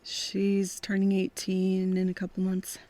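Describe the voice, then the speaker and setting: A woman's voice: medium pitch, completely flat delivery, unhurried, dark tone, no room sound. A woman guest in a casual podcast chat, easygoing and agreeable. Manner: easygoing, lots of affirming yeahs.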